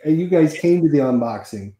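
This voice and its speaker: A man hosting a casual chat, rambling and animated as he tells stories. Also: on the high side, a little fast, echoey room, a loud crowd. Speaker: host.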